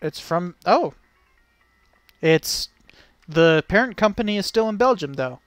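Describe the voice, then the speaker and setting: A man with a high, expressive voice reacts to a video on stream at a measured pace, rambling, joking, and laughing often amid frequent fillers. His tone is clean with no echo, and soft music plays in the background.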